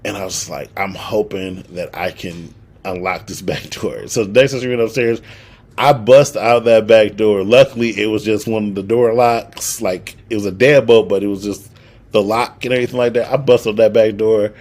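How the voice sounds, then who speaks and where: A young man co-hosting a podcast tells a story in a casual, animated way, acting out the quotes himself. His voice sits on the low side and moves at a normal speed.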